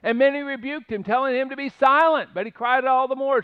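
A man's voice: extremely high pitch, fairly even intonation, a little fast, smooth, no echo, narrow, tinny audio. A man preaching a conversational sermon, earnest and emphatic as he retells stories. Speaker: pastor.

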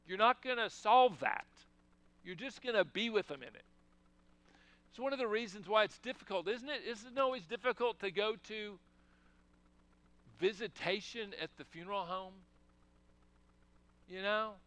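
A man's voice: sits high, bright, forceful tone, clear, resonant tone. A man preaching a sermon in a conversational way, asking the congregation questions and breaking into emphatic bursts. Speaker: pastor.

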